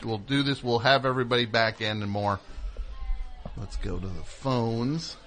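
A man's voice: medium pitch, moderate pace, a bit bright, faint music behind. A man hosting a comedy call-in radio show, asking dry, incredulous questions. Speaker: host.

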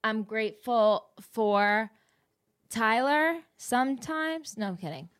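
A woman's voice: fairly high pitch, slow, a bit bright, clean tone. A young woman co-hosting a casual podcast, telling stories with lots of swearing and giggles. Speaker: podcast co-host. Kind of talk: casual chat.

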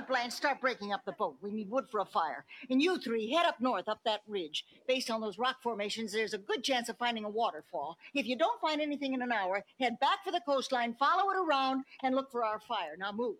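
A woman's voice: high-pitched, a bit bright, poor audio. A bossy older Minnesota lady. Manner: commanding, drill-sergeant bossy. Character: older Minnesota woman barking survival orders. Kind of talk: 1980s sitcom acting.

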